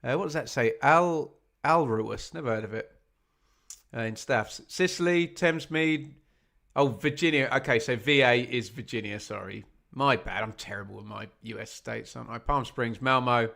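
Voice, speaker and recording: A man's voice: medium pitch, moderate pace, vocal fry, fairly bright tone. Chatty man hosting a football watch-along. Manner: chatty, reads out viewer locations, self-mocking. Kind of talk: casual live-stream chat.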